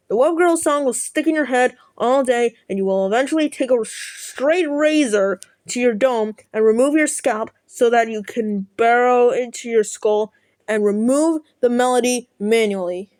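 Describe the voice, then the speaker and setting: A woman's voice: a little high, normal speed, darkish tone, no room sound. A young woman reading a snarky article aloud, sarcastic and profane, sometimes tripping over words. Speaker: content creator.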